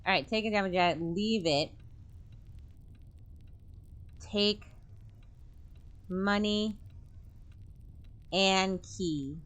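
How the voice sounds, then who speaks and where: A woman talking through a game playthrough, planning moves out loud in a plain way. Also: medium pitch, very slow, pauses often. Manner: thinking aloud, plainly spoken. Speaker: gamer.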